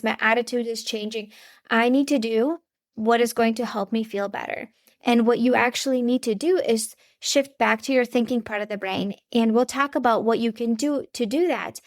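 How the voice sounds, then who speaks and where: Woman, thirties, podcast host. Earnest, chatty delivery straight to listeners, somewhat high voice, dry close sound. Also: no echo. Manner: earnest, conversational, speaks directly to listeners. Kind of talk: faith-based parenting podcast monologue.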